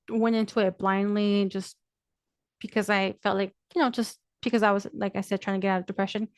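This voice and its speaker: A woman's voice: mid-range voice, clean tone, no echo. A young woman speaks to her listeners in a loose, confiding monologue, peppered with 'like' and casual swearing. Her voice sits in an ordinary middle range. The sound is dry and close, with no room around it. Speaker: podcast host. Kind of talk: candid personal monologue.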